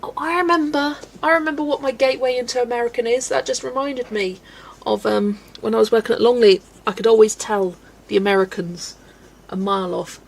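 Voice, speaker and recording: Lady rambling on her colouring stream, a bit of fry, giggles a lot. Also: a little high, fairly even intonation, a little fast. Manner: giggly, rambling, greets viewers by name. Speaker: livestream host. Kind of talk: chatty livestream while colouring, reading chat.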